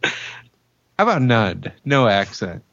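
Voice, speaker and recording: A low-voiced man reasons through his points in a relaxed group talk. The audio is dry and slightly dull. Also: slow, gravelly, dry recording. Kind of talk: casual discussion.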